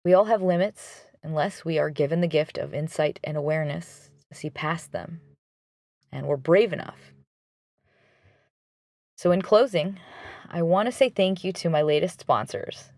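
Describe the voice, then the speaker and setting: A woman hosting a relationship advice talk, guiding the listener through a reflection in a calm, instructive way. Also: low voice, dry recording, studio quality.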